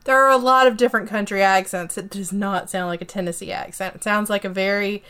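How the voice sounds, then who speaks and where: A woman's voice: medium pitch, steady tone, fast talker, a bit bright, clean tone. A woman with a light Southern country accent, co-hosting a podcast and chatting casually about a movie with lots of fillers. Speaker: podcast co-host. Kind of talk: casual movie review chat.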